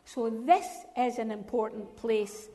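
A woman's voice: on the high side, fairly even intonation, a little slow, mellow, big-room sound. An older woman with a Scottish accent, a grandmother giving a chatty talk to a church congregation and asking them questions. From Scotland. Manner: chatty, storytelling, asks the audience questions. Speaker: Salvation Army speaker.

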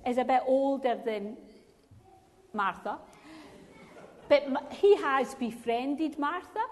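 A woman's voice: high voice, big-room sound. An older woman with a Scottish accent, a grandmother giving a chatty talk to a church congregation and asking them questions. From Scotland. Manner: chatty, storytelling, asks the audience questions. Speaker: Salvation Army speaker.

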